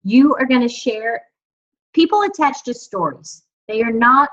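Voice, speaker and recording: A woman's voice: a little high, animated, measured pace, fairly bright tone. A woman leading her team on a video call, chatty and encouraging, with many fillers. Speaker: team leader. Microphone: computer mic on a video call. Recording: dull, lo-fi video call audio.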